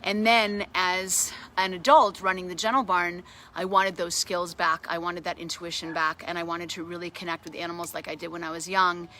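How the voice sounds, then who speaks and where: A middle-aged woman with a bright, clear voice shares a personal story in a relaxed, chatty way. She gets animated as she retells it. Faint outdoor ambience sits behind her. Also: on the low side, moderate pace, hardly any pauses, slight background noise. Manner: animated, grows excited while retelling a story. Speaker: animal sanctuary founder. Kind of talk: casual storytelling testimonial. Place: outdoors at a farm sanctuary.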